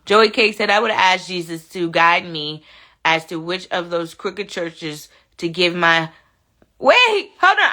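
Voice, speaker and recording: A woman's voice: fairly low pitch, sharp tone. A woman hosting a casual live chat, reading viewer comments aloud, laughing and talking back to them. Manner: chatty, laughs often, talks back to commenters.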